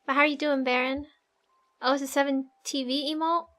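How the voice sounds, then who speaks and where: High-voiced giggly woman streamer. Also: steady tone, a little fast, fairly bright tone, faint music behind. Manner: chatty, giggly, thinks aloud while drawing. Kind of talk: casual livestream chat with viewers.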